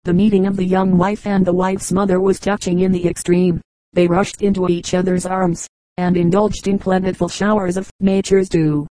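A woman reading a Victorian novel aloud as an audiobook narrator, in a measured, even manner. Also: fairly low pitch, dry recording, poor audio. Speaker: audiobook reader.

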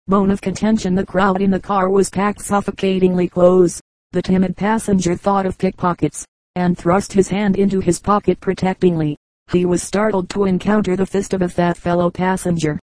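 A woman reading short humorous anecdotes aloud as an audiobook, with a steady, even storytelling delivery. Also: on the low side, moderate pace, no room sound, rough recording. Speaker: audiobook reader. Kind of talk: scripted narration of short jokes.

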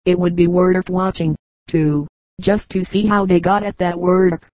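A woman reading the part of an eager young male census agent in an audiobook, keen and quick to agree. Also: fairly low pitch, flat delivery, a little mellow, dry recording, close to an everyday voice, rough recording.

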